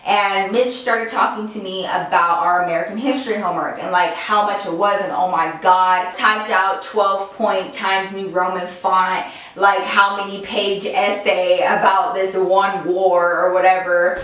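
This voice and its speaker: A woman's voice: medium pitch, fairly even intonation, a little slow, few pauses, fairly bright tone. A young woman telling a story to her vlog viewers in a casual, chatty way, full of filler words and offhand swearing, in her home office. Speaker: vlogger. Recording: very echoey room, voice far from mic.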